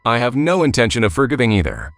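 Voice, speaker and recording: A woman's voice: rumbling low, very animated, quick pace, dry recording, clean studio sound, pitched below the performer's own voice, heavily acted. A woman voicing a stern, wronged adult husband in a told story. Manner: stern, apologetic. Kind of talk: storybook narration.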